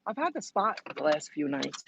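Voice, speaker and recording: A woman's voice: sits low, big pitch swings, moderate pace, creaky, heavy background noise. A middle-aged woman vlogging casually from her car as a delivery driver, rambling and venting while she talks to her live chat. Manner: rambling, venting, thinking out loud. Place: inside a car. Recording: dull, dry lo-fi sound.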